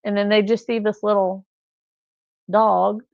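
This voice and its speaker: This middle-aged livestream host from California has a mid-range, creaky, slightly mellow voice with flat, unhurried delivery. She chats casually, telling anecdotes and acting out the characters' voices, over dull lo-fi stream audio without room sound.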